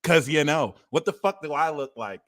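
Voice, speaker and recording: A man hosting an astrology reading livestream, talking in an animated, profane rant and sometimes shouting. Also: fairly high pitch, normal speed. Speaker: astrology reader.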